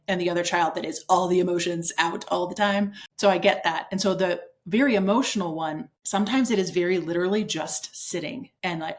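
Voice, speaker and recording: A woman sport psychologist answering interview questions in an earnest, explanatory way, acting out parents and kids in quick asides. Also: fairly low pitch.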